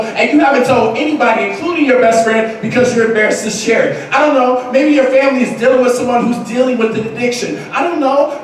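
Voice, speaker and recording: Male motivational speaker, high voice, dramatic storyteller, booming echo of a big hall, mic far off. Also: slight background noise. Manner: animated, dramatic storytelling with bursts of shouting. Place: large hall at a conference.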